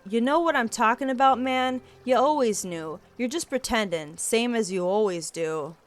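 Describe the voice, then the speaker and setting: A woman's voice: on the high side, normal speed, close to an everyday voice. A woman voicing a blunt teenage boy athlete who talks in a thick, slangy, clipped drawl, with faint music behind. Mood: heated.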